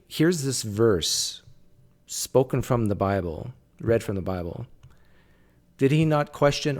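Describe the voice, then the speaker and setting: A man's voice: mid-range voice, darkish tone. A man commentating casually on a clip, thinking aloud with frequent fillers and restarts. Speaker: video commentator.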